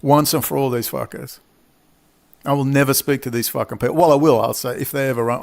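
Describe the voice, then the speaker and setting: A man's voice: mid-range voice, steady tone, a little fast, creaky. A man, from Australia, delivering an angry, profane, rambling monologue as a commentator. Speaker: independent commentator. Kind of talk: ranting monologue.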